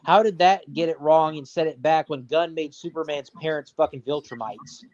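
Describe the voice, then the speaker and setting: A man's voice: on the high side, moderate pace, darkish tone. A man hosting a livestream in casual, profane chat, ranting heatedly with heavy swearing and many restarts. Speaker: livestream host. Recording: dull lo-fi audio.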